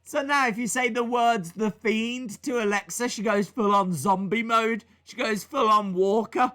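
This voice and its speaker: A man's voice: high-pitched, measured pace, fairly bright tone. A man casually reacting to wrestling live, joking, rambling and acting out silly voices.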